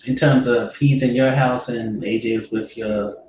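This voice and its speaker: A man's voice: medium pitch, steady tone, normal speed, a little mellow. A man in casual conversation, asking questions and tossing in laid-back, amused asides. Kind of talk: casual podcast chat. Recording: dull, roomy mic with faint noise.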